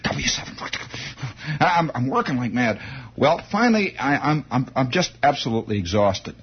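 A man telling a comic first-person story in an excitable way, stammering and restarting as he builds up, on a dull lo-fi recording. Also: medium pitch, moderate pace, slight background noise.

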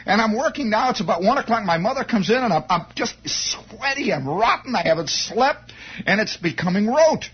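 An excitable man tells a comic anecdote in a high, husky voice, stammering and restarting as he builds momentum. The recording is muffled and lo-fi. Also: moderate pace. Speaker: storyteller. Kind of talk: comic first-person anecdote.

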